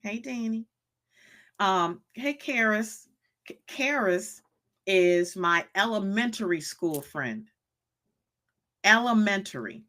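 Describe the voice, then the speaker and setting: A woman's voice: medium pitch, expressive, slow, pauses often, bright, forceful tone. A woman hosting a motivational live stream, speaking in a preachy way, repeating her questions and reading chat comments aloud.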